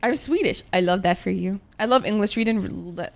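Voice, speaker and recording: A woman's voice: mid-range voice, a little fast, creaky, slight background noise. A young woman from Egypt, a native Arabic speaker, chatting and swearing freely as she streams a game. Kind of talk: casual gameplay commentary.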